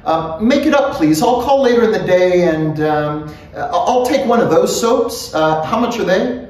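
Man voicing a courteous gentleman, slightly raised pitch, mild, halting, roomy echo. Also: animated. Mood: polite. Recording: very echoey room, faint noise.

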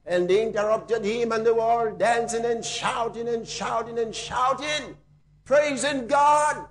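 A male pastor telling a story in a sermon, swinging dramatically from hushed tones to shouting. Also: very high-pitched, a little slow.

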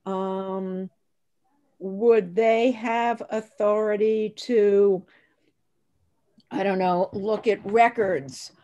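A woman speaks slowly in an online committee meeting. She questions and thinks aloud, pausing with fillers. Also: mid-range voice, fairly even intonation, mellow, highs cut off. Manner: slow, questioning, hesitant. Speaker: task force member.

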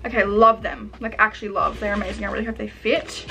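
A woman's voice: mid-range voice, fairly even intonation, fast talker, vocal fry, noisy background. A young woman chatting casually through an unboxing, gushing over each item and talking with lots of fillers. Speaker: fashion vlogger.

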